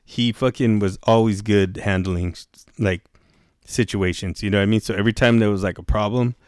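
Brief: lower-voiced male guest, camp director spinning crude anecdotes, slangy and profane, dry untreated mic. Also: fairly even intonation, brisk, no room sound. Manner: profane, slangy, keeps saying bro; acts out quoted yelling in raised voice. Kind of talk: casual storytelling chat.

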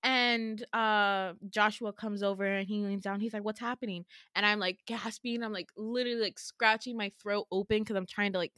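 A woman's voice: mid-range voice, normal speed, few pauses, dry recording, clean studio sound. Giggly young woman telling a dream story. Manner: animated, laughs often, acts out quotes. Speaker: podcast co-host. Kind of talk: casual storytelling chat.

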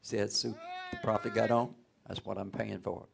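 A man preaching a sermon, often rising into loud outbursts. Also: on the low side, flat delivery, moderate pace, gravelly, background noise. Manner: folksy, call-and-response preaching with sudden loud outbursts.

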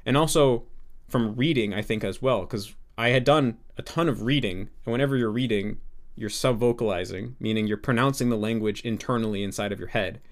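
A man's voice: medium pitch, a little fast. A young man as a podcast guest, explaining earnestly and thinking aloud in a casual interview.

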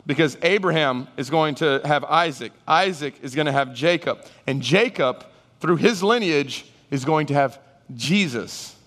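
Guy preaching a sermon in a big echoey hall, slightly high voice, gets really animated. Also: measured pace. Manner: animated, acts out Bible figures and congregants in raised voices. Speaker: pastor. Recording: reverberant hall sound.

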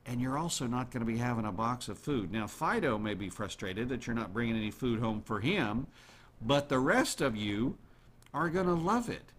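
A man hosting a show, chatting casually to his listeners in an animated way and throwing questions at the audience. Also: mid-range voice, normal speed. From United States. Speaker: radio show host.

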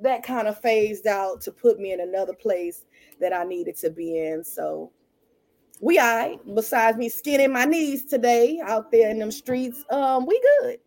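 Blunt, funny female co-host with a slightly high voice. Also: measured pace, a little mellow. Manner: blunt, storytelling, humorous. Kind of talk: casual podcast chat.

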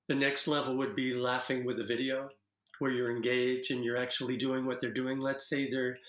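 A man talking casually about laughter practice as a guest, playful and quick to demonstrate laughs. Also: medium pitch, fairly bright tone, echoey room. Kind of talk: casual interview chat.

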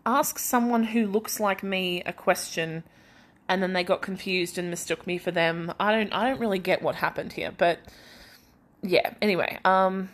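A woman's voice: fairly low pitch, normal speed. Woman, Australian accent, young adult, podcast host, feverish, rambling, self-deprecating, casual chat. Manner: rambling and self-deprecating, many restarts and laughs.

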